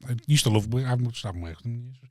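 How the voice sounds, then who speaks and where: Fast, sweary man in casual chat. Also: medium pitch, dark tone, dry recording, clean studio sound. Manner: blunt and sweary, with quick asides. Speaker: comedian guest.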